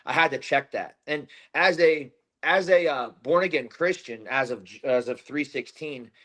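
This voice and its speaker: A man who fights bare-knuckle, speaking in a loose post-fight interview. His talk is intense and full of swearing, broken up by fillers and false starts. His voice sits at an ordinary middle pitch. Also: moderate pace, sharp tone. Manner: intense, profane trash talk with many fillers and restarts.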